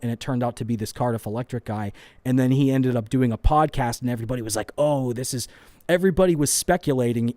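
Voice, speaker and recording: A man's voice: medium pitch, dark tone, no room sound. A man hosting a casual live stream at a studio microphone, reading chat aloud, rambling, swearing often and poking fun at himself. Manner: rambling, swears a lot, self-deprecating. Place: home studio with lights.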